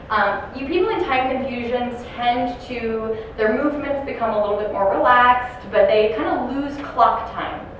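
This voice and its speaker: A woman giving a dementia care training talk to a class, telling stories and acting out residents' shouts. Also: mid-range voice. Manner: storytelling, acts out residents loudly. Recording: echoey room from far off, noisy.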